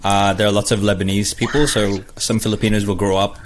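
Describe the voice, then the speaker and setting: A man's voice: lowish voice, little pitch movement, fast talker, a little hiss or hum. A man, a podcast co-host explaining things casually with a few hesitations. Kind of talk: casual chat.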